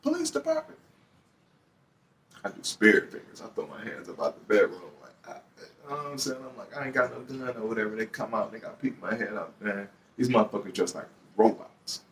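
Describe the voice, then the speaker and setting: A man with a Detroit accent telling a story from his own life in a casual, profane, animated way. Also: lowish voice, brisk, recorded from a distance, slight background noise.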